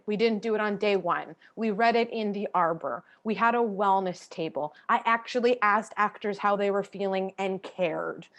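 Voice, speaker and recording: Woman, panel guest over a video call, mid-pitch, frank and fired up, the odd casual swear. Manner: passionate, candid, swears casually. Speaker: panel guest, theater artist. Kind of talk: panel discussion talk.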